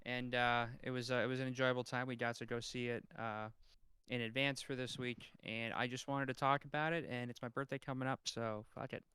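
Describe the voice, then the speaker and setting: Man with crisp bright voice, dry. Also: mid-range voice, fairly quick, dry recording. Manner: stumbling restarts, relaxed. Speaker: podcast co-host. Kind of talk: casual podcast chat.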